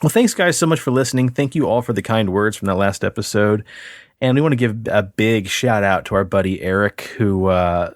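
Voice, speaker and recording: A man's voice: on the low side, fairly quick, dry recording, clean studio sound. A man co-hosting a casual podcast, reading spooky stories aloud and joking with his co-host. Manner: animated, reads stories aloud with chuckles.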